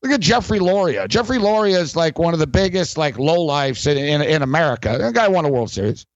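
A man's voice: fairly high pitch, lively intonation, brisk, no echo, highs cut off. A man hosting a sports talk radio show, ranting in a rambling, sarcastic way with many fillers.

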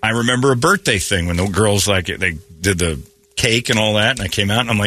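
A man hosting a morning radio show, telling stories in a jokey, animated way. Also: lowish voice, a little fast, no room sound. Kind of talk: casual radio banter.

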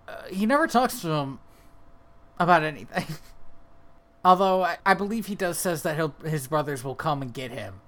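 Sarcastic man with a lively voice. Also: on the high side, normal speed. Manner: sarcastic, joking, swears casually. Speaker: podcast co-host. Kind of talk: casual chat reviewing a movie.

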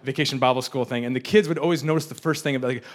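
A man's voice: mid-range voice, steady tone, racing. A young adult man preaching a casual, joking sermon, often repeating and restarting his words. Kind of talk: conversational sermon.

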